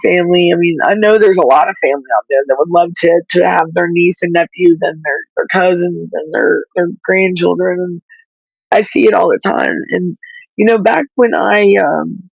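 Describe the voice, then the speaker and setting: A woman whose child is in foster care, speaking through tears in halting, pleading talk that stops and restarts. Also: on the low side, vocal fry, breathy edge, dry recording, lo-fi sound. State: crying, tearful. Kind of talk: emotional livestream talk.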